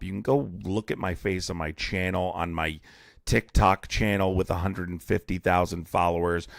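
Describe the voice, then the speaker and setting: A man's voice: deep voice, gravelly, a bit bright, no echo, studio quality. A man streaming a heated debate, blunt and profane, arguing with callers and reading chat aloud.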